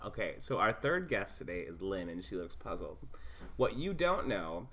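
Woman podcast co-host, low voice, lively swooping delivery, bright tone, playful and jokey. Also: moderate pace. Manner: playful, jokey, slips into silly put-on accents. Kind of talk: casual podcast chat.

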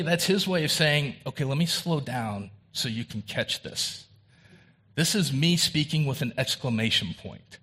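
A male pastor delivers a sermon conversationally at a moderate pace, expressive and slightly rough, with a sharp tone. He acts out quoted dialogue and his pitch rises for emphasis.

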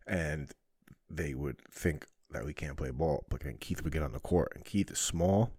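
A man's voice: extremely low pitch, normal speed, darkish tone, husky, no room sound, clean studio sound. A man in his forties from New Jersey, hosting a podcast and telling jokey, profane personal stories in a rambling way. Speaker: podcast host. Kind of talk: personal storytelling monologue.

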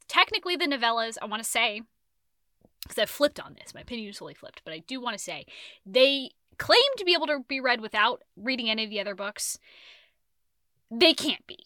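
Animated, bright-voiced woman podcaster. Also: on the high side, a little fast, no echo. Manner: rambling, animated, swearing, with self-corrections and laughs. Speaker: podcast co-host. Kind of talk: casual book podcast chat.

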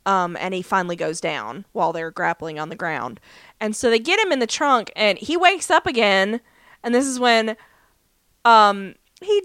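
A woman's voice: mid-range voice, a bit bright, smooth, dry recording, clean studio sound. A woman co-hosting a podcast, retelling a TV episode in a rambling way full of "um" and "like". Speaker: podcast co-host. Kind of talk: casual TV recap chat.

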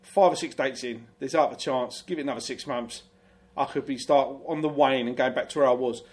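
A man's voice: medium pitch, a little fast, darkish tone. A man in his fifties cohosting a casual comedic chat, chatty and anecdotal, backing up his cohost with frequent yeahs.

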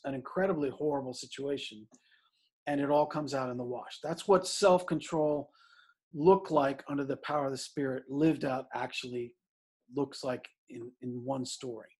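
This husky, darkish voice belongs to a middle-aged man, a priest, and it sits on the high side. He preaches in a chatty way, tossing in "right?" often and stressing the scriptures emphatically.

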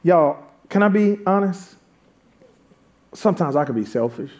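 Alternating easy humor aimed at the congregation with loud, forceful appeals, this pastor has a high-pitched, expressive voice with a darkish tone and a moderate pace.

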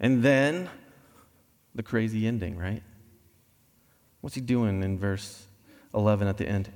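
A man preaching a sermon, explaining scripture in a conversational, animated way. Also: lowish voice, measured pace, pauses often. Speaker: pastor. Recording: long reverb of a large hall.

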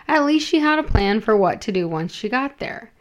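A woman with a fairly high, expressive voice hosts a podcast, reading a romance story aloud at a normal speed. She keeps pausing for self-deprecating asides about her pronunciation and laughs at her own slips.

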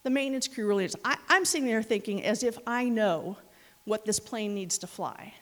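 Woman preacher, fairly high voice, animated anecdotal delivery, long hall reverb. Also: moderate pace. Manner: animated storytelling with laughs and asides. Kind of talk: sermon.

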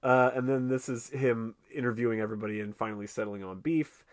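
A mid-pitched man chats through a film with a co-host, profane and animated, breaking into laughter and quoting characters. The recording is close and dry, with no room sound. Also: fast, no room sound. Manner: chatty, profane, laughs often, acts out lines in quotes. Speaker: podcast co-host. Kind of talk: casual film discussion. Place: home, recorded late at night.

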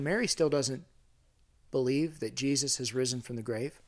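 A man's voice: mid-range voice, normal speed. A middle-aged man preaching a conversational sermon in a church sanctuary, asking his listeners questions and growing intense as he goes. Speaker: pastor.

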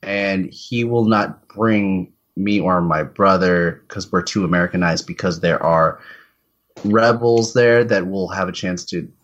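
A man's voice: low voice, a little slow, muffled recording. A young man from the United States co-hosting a casual podcast over a remote call, telling stories with frequent laughs. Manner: storytelling, laughing often. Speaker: podcast co-host. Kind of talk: casual chat.

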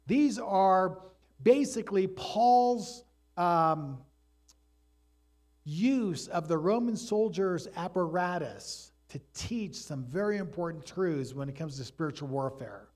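A man delivering a sermon with real animation, his voice set a little high for a man. He tells stories with lots of energy and leans into them. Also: slow. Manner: animated storytelling preacher, acts out voices in stories. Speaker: pastor.

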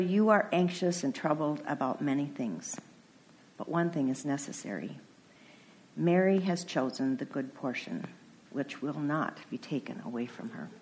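A woman reading a scripture passage aloud in church, measured and formal. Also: low voice, a little mellow, slight background noise. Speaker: scripture reader.

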